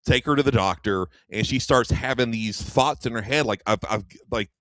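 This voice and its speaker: Man, radio co-host, rambling plot recap, mid-pitched voice, dry studio sound. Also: moderate pace, fairly bright tone, no room sound. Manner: rambling storyteller, acts out quoted lines. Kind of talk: casual chat, retelling a movie plot.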